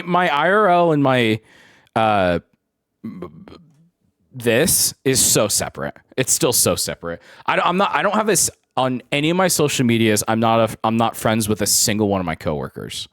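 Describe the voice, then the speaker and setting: Lively twenties man telling stories. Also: mid-range voice, fairly quick, dry recording, clean studio sound. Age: 20s. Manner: rambling anecdotal storytelling, laughs often. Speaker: streamer. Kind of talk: casual live-stream chat with viewers.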